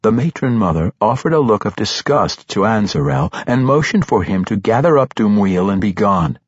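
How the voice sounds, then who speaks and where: A man narrating a fantasy audiobook in a steady, measured storytelling voice. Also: on the low side, breathy edge, no echo, lo-fi sound.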